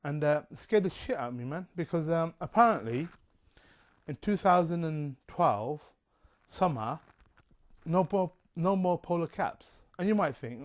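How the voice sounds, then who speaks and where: A man's voice: a little high, lively intonation, unhurried. Rambling chatty man. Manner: chatty, digressive, many fillers. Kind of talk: rambling casual monologue.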